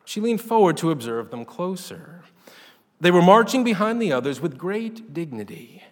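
A man narrates a short story with an animated, dramatic delivery, his voice fairly high and rising and falling widely. A long reverb trails after his words. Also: moderate pace. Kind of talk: expressive story reading.

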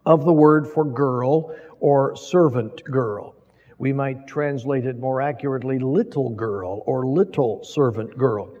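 A man preaching an expository sermon, reading scripture in a measured, emphatic way. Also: fairly high pitch, slightly rough. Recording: lo-fi, long reverb from a hall.

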